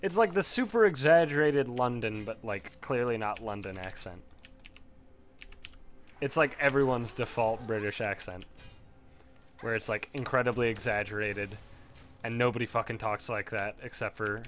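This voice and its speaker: A man's voice: medium pitch, normal speed, a bit bright. Rambling, foul-mouthed man gaming. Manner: rambling, swears freely, laughs often. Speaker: gamer leveling a character. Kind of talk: casual gameplay commentary.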